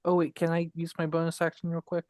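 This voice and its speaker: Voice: mid-range voice, monotone, quick pace, darkish tone, no echo. Hesitant player in a dry room. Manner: hesitant, asking rules questions. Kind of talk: tabletop game play.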